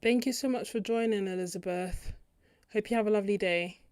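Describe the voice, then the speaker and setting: A woman's voice: medium pitch, brisk, darkish tone, no room sound, studio quality. A young British woman chatting casually on a live stream while she swatches paints, laughing often and thinking aloud. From Britain. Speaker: art channel host.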